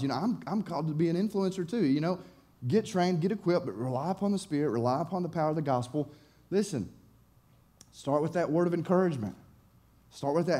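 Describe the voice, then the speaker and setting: A young man, a youth pastor, preaching and telling a story with excited, animated delivery and frequent restarts. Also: on the high side. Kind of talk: sermon storytelling.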